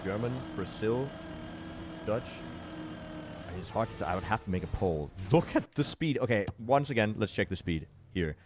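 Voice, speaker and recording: Streamer, male, deep low voice, loose chatty delivery answering chat. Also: lively intonation, normal speed, long pauses, background noise. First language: Danish. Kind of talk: casual live-stream chat.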